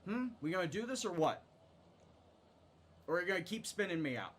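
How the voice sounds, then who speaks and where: A man's voice: sits high, big pitch swings, a little fast, a little hiss or hum. Frustrated, sweary gaming streamer man. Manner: self-deprecating. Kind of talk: casual gameplay commentary.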